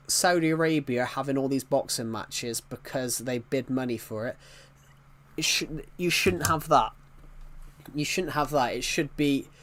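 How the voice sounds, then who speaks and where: A young British man in his twenties, live-streaming a football video game and chatting loosely, often restarting sentences and chuckling. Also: on the high side. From United Kingdom. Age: 20s. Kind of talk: casual live-stream chat while playing a football game.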